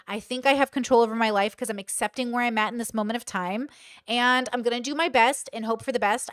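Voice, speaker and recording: A woman's voice: a little high, no room sound, clean studio sound. A woman hosting a reaction commentary, blunt and exasperated, swearing and acting out what others say. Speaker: commentary host. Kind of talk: reaction commentary on stream clips.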